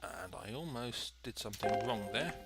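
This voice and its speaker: A man's voice: fairly low pitch, lively intonation, normal speed, gravelly, over loud music. A man giving chatty, dry, methodical commentary while playing a cooking game. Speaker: let's play host. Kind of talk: gameplay commentary.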